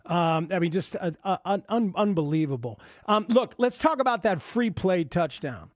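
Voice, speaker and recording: A man hosting a sports talk radio show, chatting excitedly about football and taking calls. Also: high voice, normal speed, no echo, clean studio sound.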